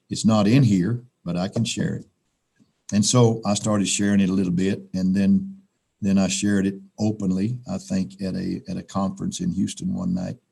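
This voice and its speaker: An older pastor tells his story over a video call, his voice gravelly and husky. The tone is dark and low, and the telling is folksy and unhurried, full of restarts. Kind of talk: personal testimony on a video call roundtable.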